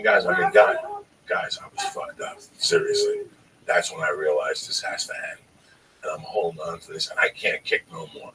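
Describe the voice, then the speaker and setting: A man telling a long, profane, animated story on a podcast, often calling his listener by name. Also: mid-range voice, normal speed, creaky, distant mic, low-quality recording. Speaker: storyteller guest.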